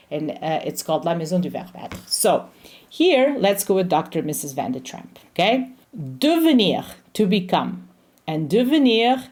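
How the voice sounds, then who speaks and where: A woman's voice: on the low side, darkish tone. Woman teaching grammar, checking in "okay?". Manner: checks in often with a questioning "okay?"; stresses each example word with a lift in her voice. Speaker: French teacher. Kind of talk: explaining grammar rules.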